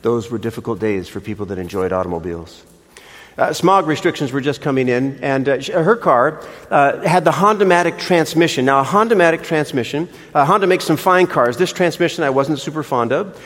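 An older man preaching a sermon, telling a story in an animated, chatty way with frequent restarts. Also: mid-range voice, fairly quick. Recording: long reverb of a large hall.

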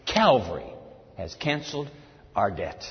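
A man preaching a sermon to a congregation, animated, acting out a pleading servant in a whiny high voice. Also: unhurried. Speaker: pastor. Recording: dull, lo-fi audio with long hall reverb.

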